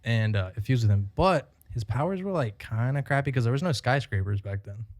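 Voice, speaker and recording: A young man co-hosting a podcast, telling absurd tall tales in a deadpan, rambling way. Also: medium pitch, brisk. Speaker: podcast co-host. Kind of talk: casual chat.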